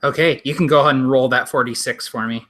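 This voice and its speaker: A man's voice: mid-range voice, fairly even intonation, quick pace, pushed and bright. A man narrating as game master in a tabletop game, describing scenes with frequent ums and restarts.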